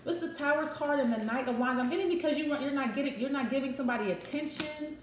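A woman's voice: high voice, fast talker. A woman doing a casual tarot reading, thinking aloud and acting out short quoted voices. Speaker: tarot reader. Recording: echoey room with faint noise.

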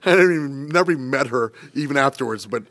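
An older man, a trumpeter being interviewed, telling a story in lively detail, stumbling over repeated words and laughing between lines. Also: mid-range voice, quick pace, dry recording, studio quality. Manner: acts out quoted voices, laughs often, restarts with repeated words. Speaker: trumpeter guest. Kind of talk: animated storytelling in a podcast interview.

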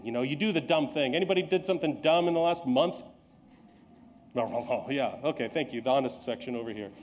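A man's voice: fairly high pitch, a little mellow. A male pastor preaching a sermon in a church, telling the story vividly and asking the listeners rhetorical questions.

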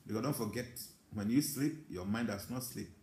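Animated Ghanaian man, echoey room. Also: on the low side, moderate pace. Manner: mixes English with Twi, animated and emphatic. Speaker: spiritual teacher answering viewer comments. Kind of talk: live stream talk reading comments.

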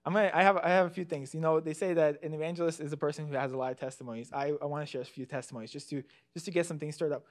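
High-voiced earnest male preacher. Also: steady tone, rapid-fire, hardly any pauses. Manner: earnest storytelling, restarts and repeats words. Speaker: evangelist. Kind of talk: sermon with personal testimony.

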